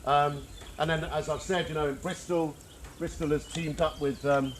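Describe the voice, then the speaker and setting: An animated man leads an informal talk outdoors, his voice pitched a little high. He throws in slang like man and dude. Faint birdsong and outdoor noise sit behind him. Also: normal speed. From England. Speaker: workshop speaker. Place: outdoor gathering in the countryside.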